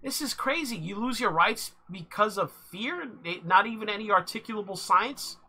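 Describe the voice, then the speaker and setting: Very bright halting livestream host. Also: mid-range voice, lively intonation, slight background noise. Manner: halting, with many fillers and restarts. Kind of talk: casual live commentary.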